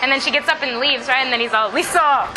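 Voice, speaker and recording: A woman casually telling a long story, acting out the people in it with lively voices. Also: sits high, very fast, background noise. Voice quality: animated, acts out the people in her story.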